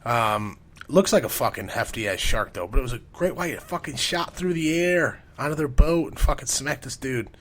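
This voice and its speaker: A man hosting a casual podcast, rambling through a story with curses in nearly every line. His voice sits at an ordinary middle pitch for a man. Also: animated, moderate pace, a bit bright. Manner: profane, rambling, swears constantly. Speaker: podcast host.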